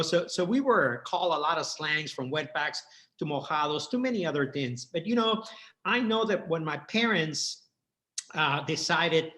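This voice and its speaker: Brief: middle-aged man from Mexico, fairly high voice, earnest and heartfelt guest. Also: fairly bright tone. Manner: earnest, heartfelt, many repeated starts. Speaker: guest, entrepreneur. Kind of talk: personal life story in interview.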